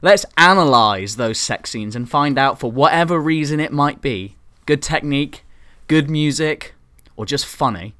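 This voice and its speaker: A man's voice: a little high, expressive, a little slow, few pauses, sharp tone, clean tone. A young man hosting a podcast, chatting casually in a laid-back way. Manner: laid-back, lots of "like" and restarts. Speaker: podcast host. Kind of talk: casual chat.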